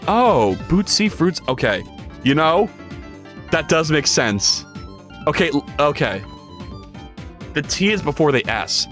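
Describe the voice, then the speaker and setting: Animated, jokey male livestreamer. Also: fairly high pitch. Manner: animated, jokey, reads chat aloud and rambles. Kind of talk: casual livestream chat while coding.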